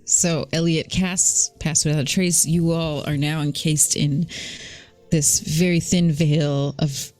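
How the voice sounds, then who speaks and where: Low-voiced woman running a tabletop game. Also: fairly even intonation, takes it slowly, a little mellow, soft background music. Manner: chatty, self-correcting. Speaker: game master.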